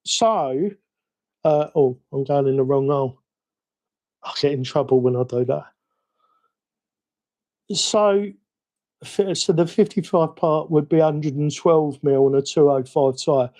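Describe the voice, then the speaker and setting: Chatty Cockney man, mellow voice. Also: fairly high pitch, a little slow, long pauses. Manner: chatty, self-mocking, rambling. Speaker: hobby livestream host. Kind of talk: casual live-stream chat while working.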